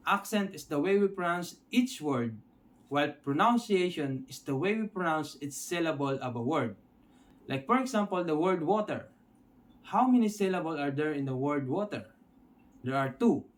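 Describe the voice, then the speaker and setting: A man's voice: a little high, animated, normal speed. A man from the Philippines with a Filipino accent, teaching an English lesson step by step and often checking in with his listeners. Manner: explains step by step, checks in with "Okay?". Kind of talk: instructional video lesson.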